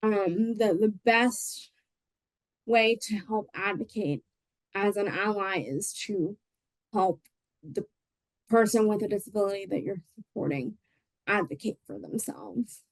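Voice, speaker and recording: A woman's voice: mid-range voice, a little slow, long pauses, dry recording, poor audio. A woman giving a casual webinar presentation, rambling with lots of fillers and restarts. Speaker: presenter on voting rights.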